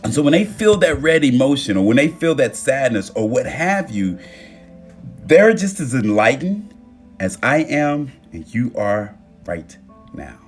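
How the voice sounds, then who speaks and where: A young man hosting a casual motivational livestream, animated and freely swearing as he talks straight to his viewers on a phone mic. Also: mid-range voice, measured pace, faint music behind. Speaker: livestream host.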